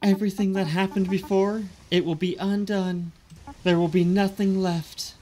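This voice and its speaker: Game figure: quiet, wistful, resigned woman, voiced by a streamer, soft delivery. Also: mid-range voice, level tone, moderate pace, voice pushed up, lightly acted. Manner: soft, reflective.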